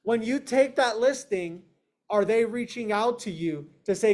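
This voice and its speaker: A man's voice: sits high, a little slow. Confrontational man coaching a sales team. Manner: confrontational, emphatic, asks the room questions; acts out clients and agents in quoted voices. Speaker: real estate team leader. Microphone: online meeting, speaking to a video call.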